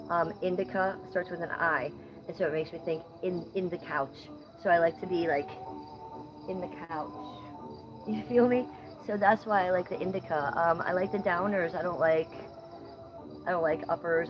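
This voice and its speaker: Lowish voiced woman on a late night stream outside, swearing and teasing chat, crickets going loud behind. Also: noisy background. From Ohio, US. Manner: blunt and profane, playful teasing. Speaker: livestream host. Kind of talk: casual livestream chat reading comments.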